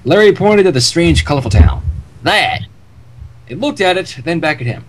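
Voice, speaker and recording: A man's voice: a little high, fairly quick. A man reading a comedy fanfic aloud on a livestream, joking about the text as he goes. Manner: lively reading, laughs at the text. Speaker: fanfic reader.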